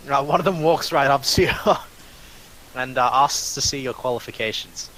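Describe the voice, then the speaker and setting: A man's voice: medium pitch, normal speed, fairly bright tone, a little hiss or hum, low-quality recording. A man running a tabletop game as game master, narrating with frequent uh's, repeated words and dry, self-mocking asides.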